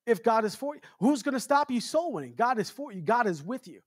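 Fervent high-voiced preacher man. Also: very animated, fairly quick, slightly rough, dry recording, studio quality. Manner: fervent, repetitive rhetorical questions, building to shouts. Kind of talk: revival sermon.

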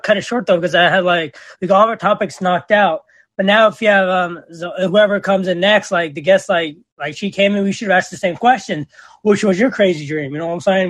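A young man co-hosting a casual podcast, telling stories in an excitable, rambling way full of slang and restarts. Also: high voice, no echo. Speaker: podcast co-host. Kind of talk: casual chat.

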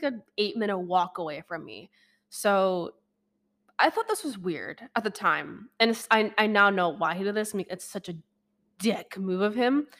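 A young adult woman telling a personal story in a casual vlog, rambling and animated, with frequent swearing and laughter. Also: medium pitch.

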